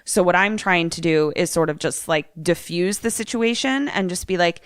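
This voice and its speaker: A woman's voice: fairly low pitch, normal speed, hardly any pauses, clean tone, no echo, clean studio sound. A young woman co-hosting a podcast, chatting casually and swearing freely as she reacts to a movie recap. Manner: expressive, swears often, swings between musing and shocked outbursts. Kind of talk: casual chat.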